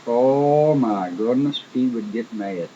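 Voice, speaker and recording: A man's voice: medium pitch, slow, warm tone. A man telling a testimony in an emphatic, folksy sermon style, often repeating words. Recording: dull lo-fi recording with faint noise.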